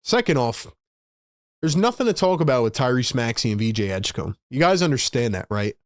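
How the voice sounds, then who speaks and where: A man's voice: mid-range voice, very animated, a little fast, dry recording, studio quality. A man hosting a live stream, calling basketball play-by-play and reacting to his team with frustration while talking to his chat. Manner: frustrated, exasperated, chats to viewers. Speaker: live-stream sports commentator.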